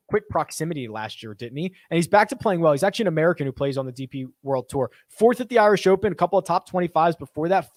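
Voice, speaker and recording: A young man with a somewhat high voice talks through viewer questions on a live stream, musing aloud as he goes. His voice sits close and dry, with no room sound around it. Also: dry recording. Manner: chatty, thinks aloud, reads viewer questions. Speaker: host. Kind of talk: casual live-stream chat.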